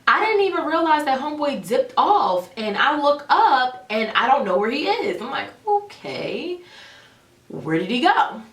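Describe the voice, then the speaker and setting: Young woman vlogger, dramatic storyteller, bright and high, echoey room. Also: measured pace. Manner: animated, dramatic retelling. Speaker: beauty vlogger. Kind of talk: storytime vlog. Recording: roomy echo, a bit far from the mic.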